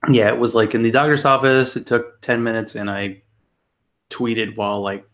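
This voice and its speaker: Brief: man, mid-pitched, podcast host, relaxed, joking interviewer. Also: moderate pace. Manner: easygoing, joking questions.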